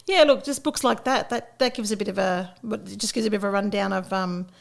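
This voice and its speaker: A woman's voice: medium pitch, fast, vocal fry. Reassuring woman. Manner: reassuring, advice-giving, fond of fillers. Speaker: co-host, childcare educator. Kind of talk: casual podcast chat.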